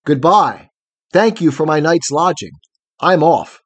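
A man's voice: on the high side, lively intonation, measured pace, breathy edge. A man voicing an arrogant young male hunter in a storybook reading, speaking in a brusque, dismissive way.

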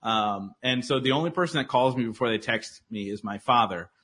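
A man's voice: mid-range voice, expressive, brisk, a bit bright, slightly rough. A man talking as a podcast guest in casual interview chat, earnest and motivational, with lots of likes and restarts. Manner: earnest, motivational, filler-heavy.

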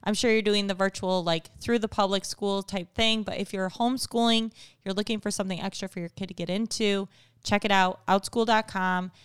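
Thirties mom, co-host, smooth voice, chatty storyteller, dry close sound. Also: female voice, mid-range voice, fairly even intonation, a little fast, dry recording. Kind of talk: casual chat.

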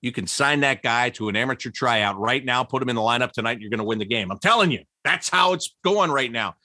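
A man telling old team stories in an interview, laughing often and jumping high in pitch when he quotes people. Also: fast, no room sound, clean studio sound. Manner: animated, laughing storyteller with big pitch jumps when quoting. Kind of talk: storytelling interview.

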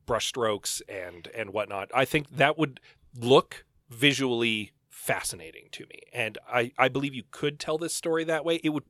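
Bright-voiced man musing on a podcast. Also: medium pitch, animated, normal speed, no echo, studio quality. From Canada. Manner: musing, thinks aloud with fillers. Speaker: podcast co-host. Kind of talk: casual book club chat.

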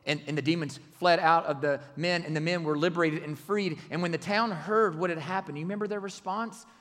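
A man preaching a sermon, swinging from loud exclamations to hushed near-whispers. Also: on the high side, steady tone, brisk, in a large hall.

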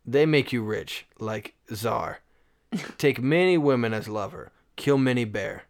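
A man's voice: mid-range voice, a little slow, natural voice. A man putting on a boastful Russian immigrant, Nikolai. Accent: put-on Russian. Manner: broken English, grandiose.

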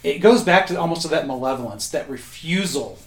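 A man co-hosting a podcast, animated and quick with witty lines. His voice sits somewhat high for a man and swings widely in pitch. The sound is roomy and echoing. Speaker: podcast co-host. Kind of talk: casual podcast discussion. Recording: roomy echo.

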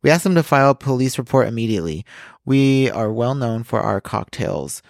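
A man co-hosting a podcast, reading the news and telling stories in casual chat, swearing often and acting out quotes loudly. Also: mid-range voice, brisk, gravelly, dry recording, clean studio sound. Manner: animated, swears a lot, acts out quotes loudly. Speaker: podcast co-host.

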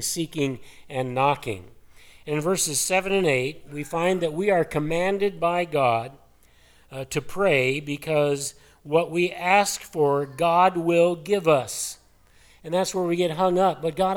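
A man preaching a sermon with a somewhat high-pitched voice. He teaches earnestly, leaning on rhetorical questions. His delivery stays plain and conversational, with the odd filler. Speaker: pastor.

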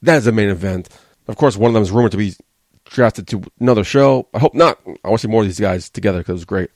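A man's voice: on the low side, quick pace, a little mellow, no room sound, clean studio sound. A man hosting a wrestling podcast, giving a blunt, sarcastic, casual review and swearing freely.

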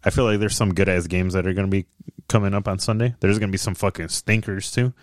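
A man co-hosting a casual sports chat, laid-back and profane, often laughing, with a bassy voice. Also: steady tone, fast talker, no room sound, studio quality. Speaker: podcast co-host.

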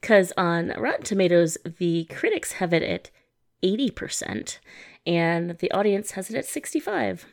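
A woman co-hosting a casual movie podcast, giggly and quick to swear. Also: lowish voice, big pitch swings, gravelly. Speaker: podcast co-host. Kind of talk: casual movie review chat.

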